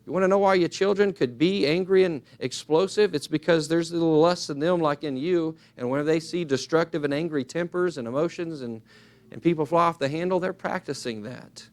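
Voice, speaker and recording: A man preaching a sermon, earnest and emphatic, swinging his pitch widely and acting out little dialogues as he goes. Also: a little fast, a little mellow.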